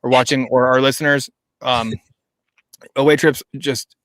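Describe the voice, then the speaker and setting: A man's voice: medium pitch, steady tone, measured pace, a bit bright, no room sound. Dry-voiced rambling male podcaster. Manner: enthusiastic, rambling with many restarts. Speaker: podcast co-host. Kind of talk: casual chat.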